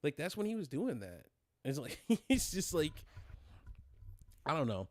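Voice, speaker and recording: A man's voice: a little high, wildly swooping pitch, a little slow. Rambling profane young man streaming. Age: 20s. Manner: rambling, profane, many fillers and restarts. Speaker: streamer host. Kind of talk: casual livestream chat.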